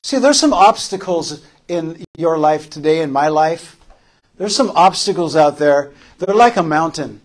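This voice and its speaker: A male pastor preaching a sermon with passion, repeating phrases for emphasis, rising to loud calls and dropping to soft, tender lines. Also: on the high side, lively intonation, a little slow.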